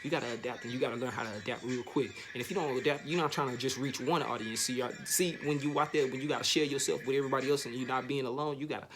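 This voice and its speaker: A man vlogging a casual motivational monologue, slangy and repetitive, sometimes jumping up into a higher, animated voice. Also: rapid-fire, hardly any pauses.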